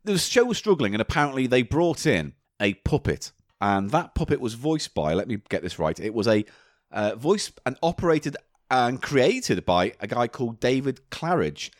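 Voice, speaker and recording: Animated man, lively pitch. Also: moderate pace, no echo, studio quality. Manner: animated, playful shouting of mock dog names. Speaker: podcast co-host. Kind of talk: casual chat.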